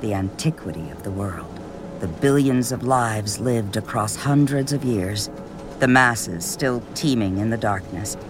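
Man, audiobook narration, measured delivery, mid-range pitch, faint background music. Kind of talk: scripted narration.

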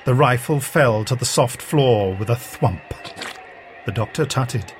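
Male narrator, mid pitch, calm storytelling read. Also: a little slow, noisy background.

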